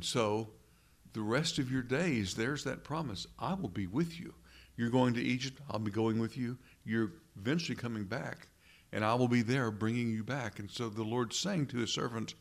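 Man, low voice, earnest measured sermon delivery. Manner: earnest, measured preaching with rhetorical questions. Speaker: pastor.

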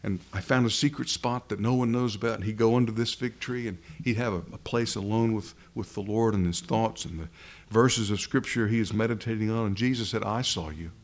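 A man's voice: on the low side, steady tone, brisk. A man preaching a sermon to a live congregation, earnest and emphatic, drawing out key words for stress.

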